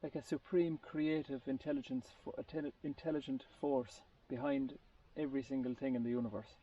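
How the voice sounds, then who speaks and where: At medium pitch, with a steady tone, a brisk pace and a breathy edge, a man rambles through a long story in a casual group setting. He frequently restarts sentences as he searches for words, and the recording is muffled, distant and lo-fi.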